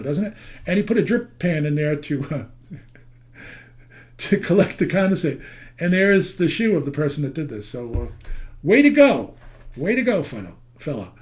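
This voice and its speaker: A man's voice: fairly high pitch, darkish tone. An older man teaching a seminar, telling stories and cracking wry jokes. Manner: folksy storytelling, wry jokes to the audience. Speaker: seminar instructor on steam heating. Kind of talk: recorded seminar lecture.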